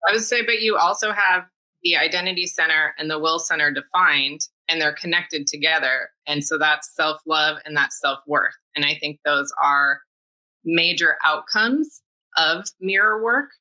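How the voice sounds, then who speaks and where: A woman explains a human design chart calmly and step by step in a casual spiritual conversation. Her voice is notably low, with a very bright and forceful edge. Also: rough recording. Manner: explanatory, measured.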